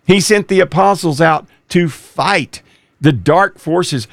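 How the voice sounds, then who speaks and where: Lively preacher guy, gravelly voice, dry close sound, gets forceful. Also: on the high side, slow pace, no room sound. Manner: emphatic, rising to forceful exhortation. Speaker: preacher and radio show host, former police officer. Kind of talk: preaching talk.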